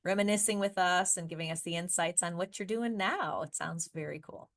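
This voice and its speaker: Middle-aged female co-host, fairly low voice, encouraging, casual chat. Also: brisk. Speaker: podcast co-host.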